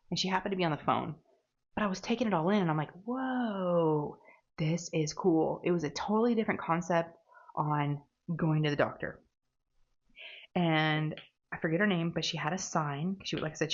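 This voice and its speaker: While she crafts, a woman with a low voice chats in a relaxed, rambling way and laughs at herself. She's a diamond painting crafter, and the audio sounds dull.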